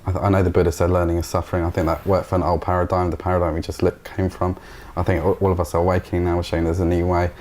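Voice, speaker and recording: A man's voice: deep voice, monotone, racing, few pauses, darkish tone, a little hiss or hum. A man speaking as a guest in a casual spiritual conversation, reflective and thoughtful.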